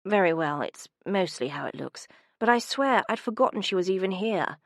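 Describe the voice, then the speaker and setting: Charming young rogue lord with a low, husky, intimate murmur, played by a woman; dry and close. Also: lively intonation, normal speed, no echo. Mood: pleading. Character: charming roguish young nobleman.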